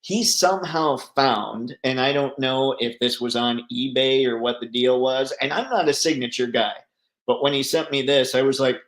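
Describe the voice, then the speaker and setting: A man's voice: mid-range voice, a bit bright, echoey room. A man hosting a casual livestream, reading viewer comments aloud and chatting back with frequent laughs. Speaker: livestream host reading chat. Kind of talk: casual live chat.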